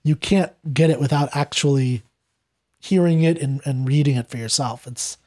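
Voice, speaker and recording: A man talking as a podcast guest, retelling a play in a lively conversational way and acting out the characters' lines as he goes. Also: medium pitch, normal speed. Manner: animated, acts out quoted lines while retelling. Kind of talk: conversational literary discussion.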